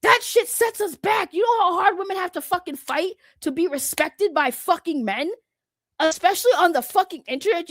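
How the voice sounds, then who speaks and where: A commentary YouTuber, a young woman with a high voice, delivers a fired-up rant that is blunt and packed with slang and cursing. The sound is dry and close, with no echo or room around it.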